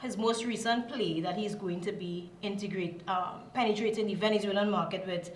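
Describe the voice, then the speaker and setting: A woman's voice: medium pitch, fairly even intonation, normal speed, reverberant, slight background noise. A woman hosting an interview in a chatty, casual way, switching between English and Spanish. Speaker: talk show host. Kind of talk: casual bilingual interview intro.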